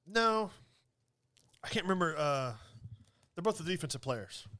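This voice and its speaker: A young man talks through favorite movie scenes on a podcast, laughing often and acting out the lines. His voice sits high and jumps around a lot. The tone is bright and pushed forward. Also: moderate pace. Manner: animated, laughs often, acts out movie quotes. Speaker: podcast co-host. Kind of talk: casual chat about movies.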